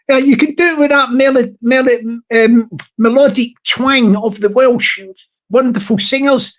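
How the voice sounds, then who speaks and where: A man's voice: very high voice, steady tone, a little slow. Rambling man with dull lo-fi audio. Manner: rambling, repeats words, hunts for words; chuckles often, jokingly mimics shouted lines. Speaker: YouTube channel host. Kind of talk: casual livestream chat to viewers.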